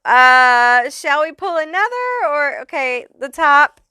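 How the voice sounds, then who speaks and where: A woman's voice: sits high, animated, slow, pushed and bright, no echo. A woman giving a casual pick-a-card tarot reading who swears freely and laughs often. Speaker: tarot reader.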